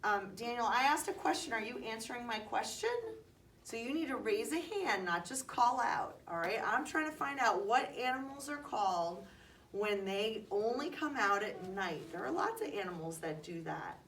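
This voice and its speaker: A woman's voice: on the high side, lively intonation, normal speed, a bit bright. Woman teacher talking to little kids, patient and upbeat, kinda far from the mic with faint hiss. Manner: patient, encouraging, asks questions. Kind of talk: teaching young children. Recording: distant mic, faint background noise.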